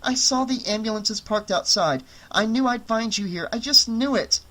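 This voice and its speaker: A man's voice: high voice, moderate pace, sharp tone, pitched above the performer's own voice. A man reading an audiobook, voicing an anxious, persistent young woman in a raised, pressing voice. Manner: urgent, pressing questions.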